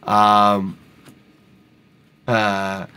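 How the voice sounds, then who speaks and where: A man's voice: on the low side, completely flat delivery, extremely slow, bright, forceful tone, clear, resonant tone. Blunt man streaming live. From Quebec, Canada. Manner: blunt, candid. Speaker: host reviewing listeners' music. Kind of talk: casual live-stream chat.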